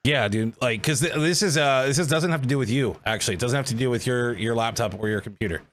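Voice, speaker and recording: A young man co-hosting a casual podcast, animated and full of casual slang. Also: medium pitch, quick pace, no room sound. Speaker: podcast co-host.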